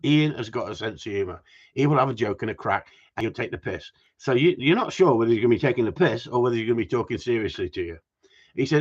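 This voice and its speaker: A man's voice: mid-range voice, expressive, fairly quick, husky, highs cut off. A middle-aged man answering viewers' questions about gundog training, blunt and rambling, swearing casually. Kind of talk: live stream Q&A chat.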